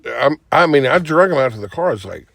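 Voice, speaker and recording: A man's voice: mid-range voice, very animated, fast, gravelly, dry recording, studio quality. A man telling a long rambling story in casual podcast chat, swearing and acting out what people said. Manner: rambling, profane, acts out quotes with sudden shouts. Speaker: podcast host.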